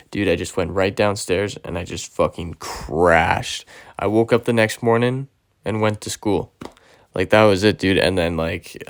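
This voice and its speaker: Young guy rambling through a storytime, swears a lot, smooth clear voice, dead dry sound. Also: lowish voice, no room sound. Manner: rambling, profane, lots of fillers like "you know" and "right?". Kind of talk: casual storytime monologue.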